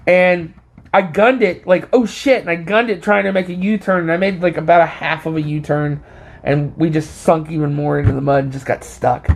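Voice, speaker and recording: A man's voice: on the high side, creaky. A man telling a casual story on his vlog, rambling with many fillers and restarts, a little short of breath. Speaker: vlogger.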